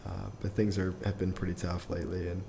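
A young adult man, a podcast guest, telling a personal story in a casual, rambling way full of fillers and quick chuckles. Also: sits low, level tone, gravelly, noisy background. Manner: rambling, filler-heavy, restarts often, chuckles through his story.

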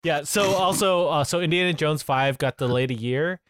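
A man hosting a podcast, reading out entertainment news in casual chat, upbeat and quick to laugh. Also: a little high, very noisy.

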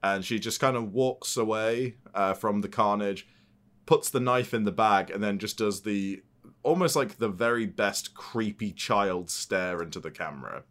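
A man's voice: on the low side, measured pace, fairly bright tone. A man co-hosting a podcast, recapping a film plot in casual, profane and jokey chat. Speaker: podcast co-host.

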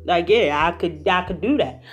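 A young woman telling a personal story in a lively, conversational, slangy way. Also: fairly low pitch, normal speed, faint music behind. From Philadelphia.

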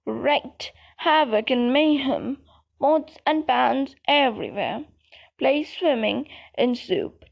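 A woman's voice: high-pitched, animated, slow, creaky, full character voice. A woman reading the lines of a fussy, genteel male ghost in an audiobook, chatty and prim. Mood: gossipy. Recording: dull lo-fi recording.

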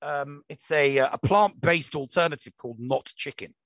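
A man's voice: on the high side, moderate pace, a bit bright, no room sound. A man co-hosting a casual podcast chat, stammering through many false starts and repeated words. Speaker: podcast co-host.

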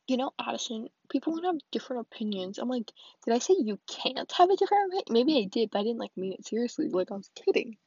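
Soft-spoken woman venting alone, husky and hushed. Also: medium pitch, no echo, dull audio. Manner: rambling, self-deprecating, drops into soft whispers. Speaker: podcast host. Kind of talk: solo vent podcast.

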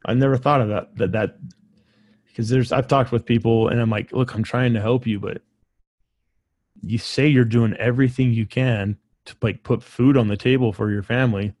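A man's voice: medium pitch, fairly even intonation, moderate pace, a little mellow. A man with a mid-range voice talks bluntly in casual conversation. His voice sounds close and dry, with no room echo.

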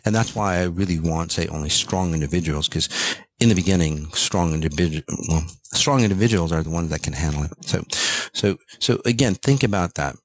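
A man's voice: low voice, breathy edge, no echo. A man giving an unscripted motivational monologue, ranting bluntly with frequent fillers and swearing. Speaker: self-help speaker.

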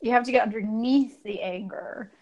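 A woman's voice: a little high, moderate pace, a little mellow, dull audio. A woman guest on an interview, explaining relationship advice in an earnest, casual way with many fillers.

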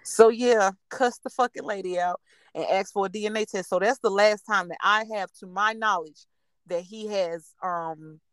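A young woman hosting a casual podcast, venting in blunt, profane language. She acts out each person in her stories. Her voice sits at an ordinary pitch and sounds dry and close. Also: fairly bright tone, no room sound. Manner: profane, blunt, vents with quoted dialogue. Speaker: podcast host. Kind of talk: casual storytelling chat.

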